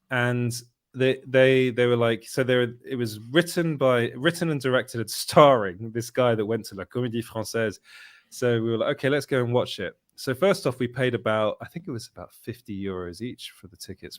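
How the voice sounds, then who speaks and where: Guy rambling thru a story, mid pitch, dead dry mic. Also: no echo. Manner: rambling, self-correcting storyteller with laughs. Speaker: podcast host. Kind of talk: casual chat.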